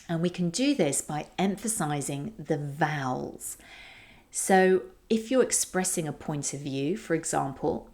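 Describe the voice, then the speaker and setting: A woman hosting a podcast, giving an instructional talk and demonstrating vocal techniques with expressive delivery. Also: on the low side. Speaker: podcast host.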